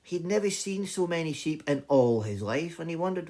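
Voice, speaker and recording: A Scottish man telling an old folk tale in a lively, conversational way. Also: on the high side, normal speed. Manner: animated, conversational narration. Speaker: storyteller. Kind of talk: oral folk-tale storytelling.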